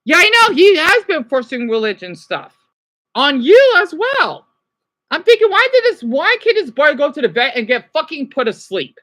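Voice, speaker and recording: High, lively-voiced man ranting. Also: moderate pace. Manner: agitated, swearing, restarts, answers chat. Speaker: livestreamer. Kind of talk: ranting live stream monologue.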